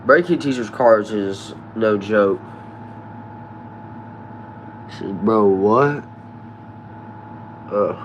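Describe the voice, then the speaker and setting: Speaking extremely slowly and pausing often, a streamer with a fairly low-pitched voice reads his chat aloud. He chats laid-back with viewers in slang, using y'all and bro, over slight background noise.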